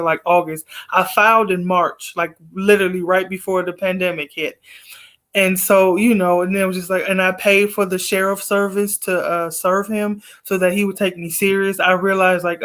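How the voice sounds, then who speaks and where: A man's voice: high-pitched, fairly bright tone. A man guest on a video call telling a long story casually, rambling with fillers and acting out quoted exchanges. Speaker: guest poet.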